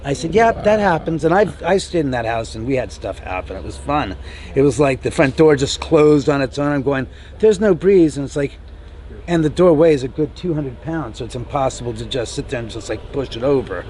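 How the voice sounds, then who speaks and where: A homeowner giving a tour, telling stories in an animated way and acting out the quoted voices of other people. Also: male voice, medium pitch, brisk, a little hiss or hum. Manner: acts out quoted dialogue, rambling with restarts. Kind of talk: animated storytelling.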